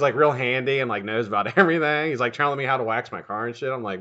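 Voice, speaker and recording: A middle-aged man chats on a live stream, his bright, forceful voice swinging widely in pitch. He rambles and swears between greetings to viewers. The audio is dull and lo-fi. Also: animated, rapid-fire, few pauses. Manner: profane, rambling, jokey.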